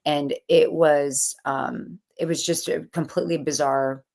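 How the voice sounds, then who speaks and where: A woman guest author telling a personal story in a casual interview, animated and acting out quoted voices. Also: low voice, measured pace, creaky. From California.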